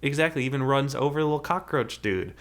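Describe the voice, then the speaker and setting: A man's voice: medium pitch, quick pace, a bit bright. A man co-hosting a podcast, chatting casually and rambling through a movie review, often restarting his sentences. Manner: rambling, restarts, acts out characters' lines. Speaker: podcast co-host.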